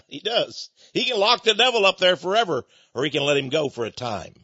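A man preaching a sermon as a story, animated and chuckling between points, asking his listeners questions. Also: a little high, brisk, slightly rough, dry recording, dull audio.

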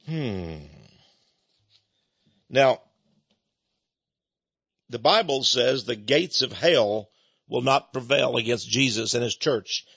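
A man preaches, telling a story with a husky voice that swings widely in pitch. He chuckles between points and asks his listeners questions. The recording is dull and lo-fi. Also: sharp tone, dry recording. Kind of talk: sermon storytelling.

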